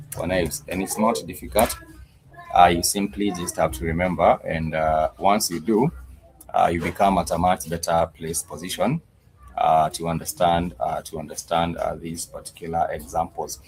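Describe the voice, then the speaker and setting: A man's voice: low voice, gravelly, slight background noise, poor audio. A man teaching a language lesson on a live stream, patiently repeating each word several times.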